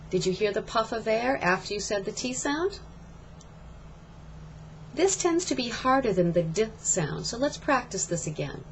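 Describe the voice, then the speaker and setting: A woman coaching pronunciation in a scripted lesson, slow and encouraging, modeling sounds for the learner. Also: a little high, big pitch swings, a little hiss or hum. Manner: slow, deliberate, encouraging teacher. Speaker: accent reduction coach.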